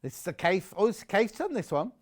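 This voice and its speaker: A man's voice: high voice, sing-song, fairly quick. A man presenting fabrics on a live shopping channel, chatty and jokey as he teases the crew.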